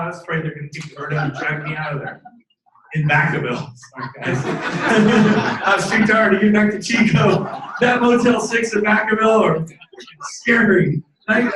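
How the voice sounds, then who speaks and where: A man in his fifties giving an energetic motivational talk to a live audience, preachy and animated, with sudden shouted bursts and jokey asides. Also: on the high side, a little hiss or hum. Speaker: motivational speaker at a team training event. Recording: echoey room from a distant mic.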